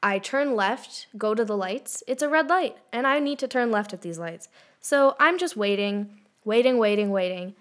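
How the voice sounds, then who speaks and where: A young woman co-hosting a podcast, telling a story in a casual, animated way, swearing and laughing often. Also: on the high side, moderate pace. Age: young adult. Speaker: podcast co-host.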